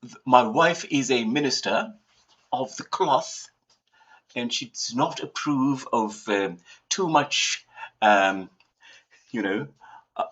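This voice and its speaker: A man from southern Africa hosts a casual home livestream, speaking slowly with frequent pauses in a medium-pitched, slightly bright voice with a breathy edge. He rambles and chuckles, throwing in theatrical flourishes.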